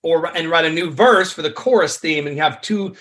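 A man, a songwriter and worship leader, explaining songwriting craft in an energetic, conversational way. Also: on the high side, a little fast. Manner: energetic, conversational teaching with frequent fillers.

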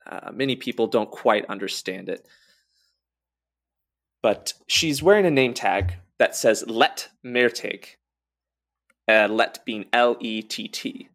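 A man narrating as game master for a tabletop game, unhurried, with frequent fillers. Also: medium pitch, fairly bright tone.

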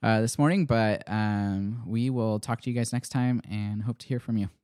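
A man's voice: lowish voice, normal speed, a little mellow, no echo, clean studio sound. A man hosting a church podcast, talking in a casual, musing way with lots of fillers and restarts. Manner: thoughtful, rambling, many fillers and restarts. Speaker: pastor, podcast host. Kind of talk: casual chat.

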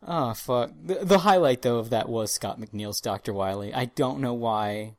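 Excitable, profane man in casual chat. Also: mid-range voice, normal speed, no room sound, clean studio sound. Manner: profane, excitable, mock-dramatic outbursts. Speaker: podcast co-host.

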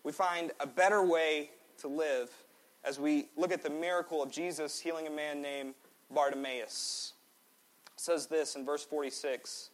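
A man in his twenties preaching a sermon in a church, swinging between loud exhortation and quiet, joking asides. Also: a little high, fairly even intonation, normal speed. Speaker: pastor. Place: church sanctuary.

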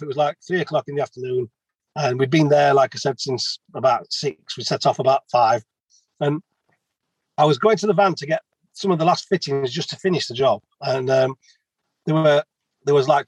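A chatty plumber in his fifties, guesting on an interview and telling his stories in a loose, rambling way. His voice is husky and sits a bit high for a man. The sound is dry and close. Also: no echo, rough recording. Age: 50s. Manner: chatty, rambling anecdotes with laughs. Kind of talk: casual storytelling.

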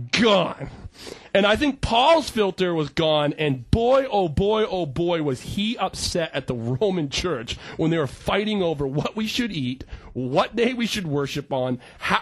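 A man preaching with a high, bright voice that swings widely, jumping from low asides to loud exclaims. He acts out characters as he tells his stories. The sound is close and dry. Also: husky, dry recording. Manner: animated storyteller, acts out voices and shouts for emphasis. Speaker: pastor. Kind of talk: sermon.

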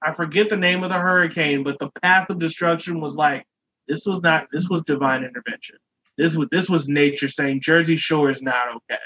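A man co-hosting a podcast, telling a profane, animated joking rant in casual chat. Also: on the high side, fairly quick, husky. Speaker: podcast co-host. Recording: dull lo-fi sound.

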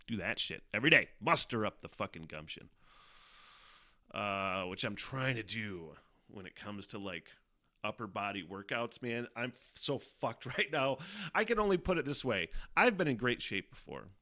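A man's voice: on the low side, animated, moderate pace, bright, forceful tone. A middle-aged man hosting a podcast, rambling casually, swearing a lot and laughing often. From Northern Michigan. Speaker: podcast host. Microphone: studio microphone.

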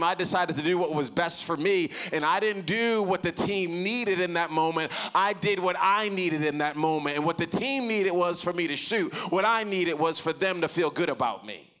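Man, pastor, sermon, storytelling, bright tone, slightly high voice. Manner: storytelling, animated, building to emphatic preaching.

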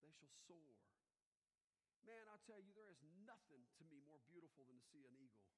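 High-voiced preacher in a reverberant hall. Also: male voice, lively intonation, fast talker. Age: middle-aged. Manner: conversational preaching, swinging from quiet to loud emphatic peaks. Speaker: pastor. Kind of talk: sermon.

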